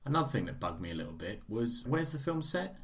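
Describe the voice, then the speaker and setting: A man co-hosting a podcast, raising measured, critical questions about a film. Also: mid-range voice, sing-song, a little hiss or hum. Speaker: podcast co-host. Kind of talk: casual film-review chat.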